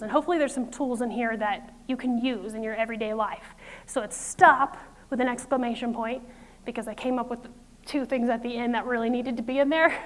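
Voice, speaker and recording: A woman in her thirties delivers a lively, conversational sermon with a high voice. She slips into playful inner voices and laughs easily as she preaches. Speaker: pastor.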